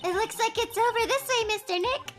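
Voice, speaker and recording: A woman voicing an excitable, cheerful young female sidekick from a game, with a bubbly, exclaiming manner. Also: very high-pitched, fairly quick, faint music behind, pitched above the performer's own voice. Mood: excited.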